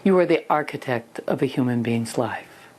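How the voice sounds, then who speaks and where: A woman's voice: rumbling low, normal speed, darkish tone, a little hiss or hum. An older woman giving a parenting lesson, telling personal stories earnestly and acting out little scenes. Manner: earnest storytelling, acts out scenes. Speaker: parenting teacher.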